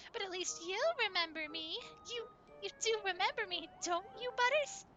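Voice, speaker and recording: A woman voicing a small, chirpy moogle creature in a squeaky, high put-on voice while reading game dialogue aloud. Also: normal speed, bright, forceful tone, faint music behind. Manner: bubbly, ends lines with 'kupo'.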